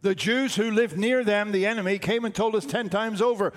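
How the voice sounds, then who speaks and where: A man's voice: high voice, fairly quick, few pauses. An older man preaching a sermon, emphatic and repeating his key phrases. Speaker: pastor.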